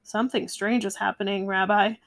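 A woman's voice: medium pitch, steady tone, brisk, close to an everyday voice. A woman doing a fussing old grandmother. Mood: fond. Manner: warm, fussing, chatty. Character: kindly 97-year-old grandmother, half-deaf. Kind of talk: storybook read-aloud.

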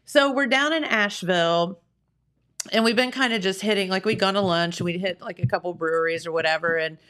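A woman co-hosting a casual chat, telling an animated story and laughing often. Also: mid-range voice, brisk. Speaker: co-host.

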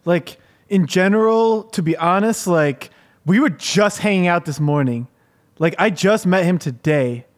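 A man plays a clueless young rapper guest who rambles earnestly and gets defensive. His voice sits high for a man. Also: measured pace. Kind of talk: improvised comedy podcast, deadpan parody.

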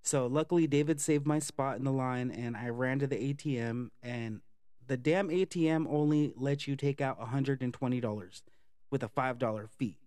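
A man telling a casual, profane story for a vlog, chatty and animated with lots of fillers. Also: mid-range voice, normal speed, dry recording, studio quality. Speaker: vlogger.

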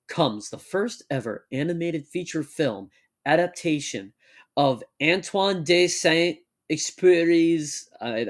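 A young man co-hosting a relaxed talk. He jokes around and laughs often. When he reads aloud, he slows to a measured pace, with an average pitch for a man. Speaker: podcast co-host. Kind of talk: casual chat and reading aloud.

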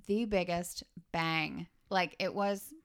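A middle-aged woman, a mother, telling a family story in casual chat, animated and laughing often. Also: fairly low pitch, takes it slowly, clear, resonant tone.

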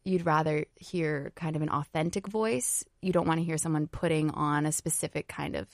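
Podcast host, woman, lowish dry voice, measured and thoughtful. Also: fairly even intonation, dry recording. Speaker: podcast host presenting her research. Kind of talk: casual explanatory chat.

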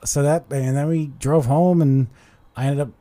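A man's voice: on the high side, moderate pace, very noisy. A man hosting a podcast, telling stories in casual chat and swearing freely. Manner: animated storytelling, swears a lot. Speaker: podcast host.

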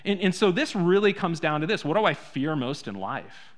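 A man preaching a sermon in a church, conversational, full of rhetorical questions, swinging between soft and loud. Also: a little high, lively intonation, normal speed. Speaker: pastor.

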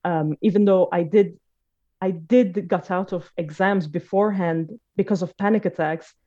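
A woman's voice: fairly low pitch, fairly even intonation, moderate pace, dark tone. A woman in her late twenties telling a personal story in casual conversation, hesitant, with many fillers and restarts. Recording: dull lo-fi recording.

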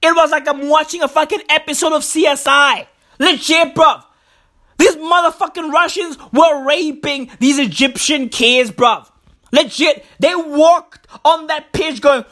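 A man delivering a profane comedic rant, loud and excitable, full of slang and repeated words. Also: extremely high pitch, unhurried. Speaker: comedic ranter.

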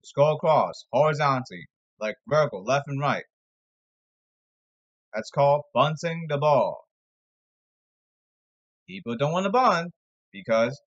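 A man's voice: medium pitch, animated, a little slow, long pauses, dull audio. A man giving a rambling, sarcastic sports commentary monologue, exasperated and jumping from topic to topic. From New York area.

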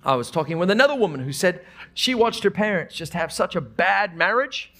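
Earnest high-voiced male pastor. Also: animated, fairly quick, sharp tone. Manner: earnest storytelling with many restarts and quoted dialogue. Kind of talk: sermon.

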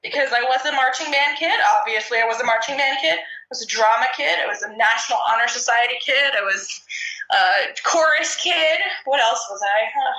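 A young woman from New Jersey telling a story in casual chat, animated and profane, laughing as she goes. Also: a little high, fast, hardly any pauses, reverberant, rough recording.

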